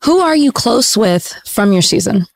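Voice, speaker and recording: A young woman hosting a podcast interview, upbeat and animated as she asks her guest questions. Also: a little high, moderate pace, creaky. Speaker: podcast host.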